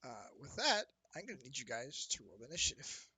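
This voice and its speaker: A man's voice: mid-range voice, big pitch swings, brisk, sharp tone, breathy edge, no room sound, low-quality recording. A man narrating as dungeon master in a loose, chatty way, with lots of ums. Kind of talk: casual tabletop game narration.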